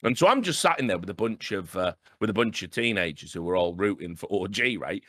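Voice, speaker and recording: Man in his thirties hosting a chat show, animated and sweary, with a bright, dry, close-up sound. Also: low-pitched, fast talker, no echo. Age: 30s. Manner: animated, swears freely, frequent "right?". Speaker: podcast host. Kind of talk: casual storytelling chat.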